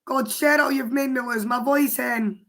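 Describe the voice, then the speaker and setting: A Scottish woman with a hoarse, worn voice, chatting casually on a livestream and answering her viewers' comments aloud. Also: high voice, steady tone, normal speed, fairly bright tone. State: hoarse, voice mostly gone.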